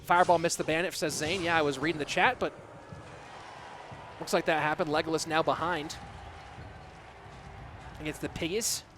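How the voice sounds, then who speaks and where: A man's voice: fairly high pitch, fairly even intonation, moderate pace, long pauses, noisy background. A man casting a competitive game on his live stream, chatty and jokey, answering his chat between plays. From United States. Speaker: esports caster and streamer.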